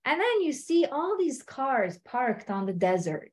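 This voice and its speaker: Animated woman giving a marriage talk. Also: sits high, unhurried. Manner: animated, acts out quoted voices, frequent "like" and "okay?". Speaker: speaker addressing a women's group.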